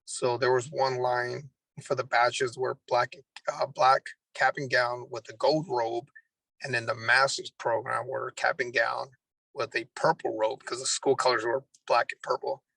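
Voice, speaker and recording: A man's voice: mid-range voice, level tone, moderate pace, gravelly, bright, forceful tone, no echo, poor audio. A man, a Marine drill instructor, earnestly telling a personal story in an interview, with many restarts.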